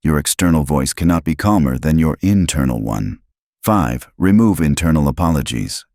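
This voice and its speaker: A man reading a self-help audiobook in a scripted, measured way, stressing short lists with pauses between items. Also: rumbling low, expressive, darkish tone, no room sound, studio quality. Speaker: audiobook narrator.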